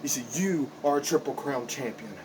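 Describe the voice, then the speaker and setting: A man's voice: mid-range voice, a little fast, darkish tone, a little hiss or hum, low-quality recording. A man cutting an impassioned, confrontational wrestling promo, repeating himself for emphasis as a backyard wrestler.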